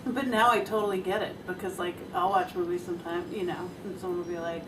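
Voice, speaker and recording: A woman's voice: on the low side, steady tone, fast. A woman comedian chatting casually as a guest, laughing often and filling with "like". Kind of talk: casual chat. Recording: distant mic with clear background noise.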